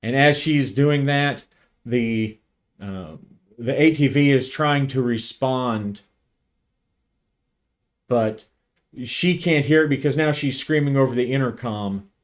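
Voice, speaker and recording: Slow, deliberate man narrating a solo game. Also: mid-range voice. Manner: thoughtful, hesitant, frequent restarts. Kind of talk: narrating a solo tabletop role-playing session.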